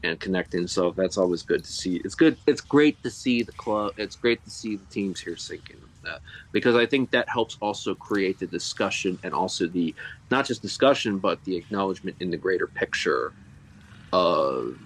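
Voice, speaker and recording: A man's voice: deep voice, lively intonation, normal speed, rough recording. A man hosting a casual sports podcast, rambling through long sentences and steering the talk with questions to his co-hosts. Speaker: podcast host.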